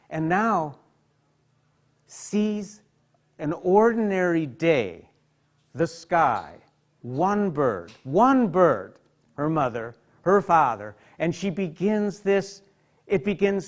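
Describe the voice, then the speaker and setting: A man giving a lecture as a psychotherapist, speaking with heartfelt feeling and dropping soft and quiet in tender passages. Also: high-pitched. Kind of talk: emotional lecture with literary readings. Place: hospital lecture hall.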